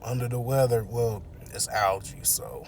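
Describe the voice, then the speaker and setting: A man's voice: mid-range voice, fairly even intonation, a little slow, a little mellow, a little hiss or hum. Laid-back slangy man recapping a movie. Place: in his car.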